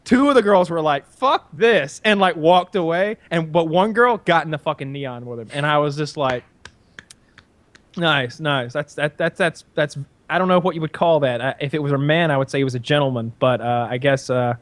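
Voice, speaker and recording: A man's voice: fairly high pitch, brisk, no echo. A man co-hosting a podcast, rambling through a story in casual chat, with many fillers and restarts. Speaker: podcast co-host.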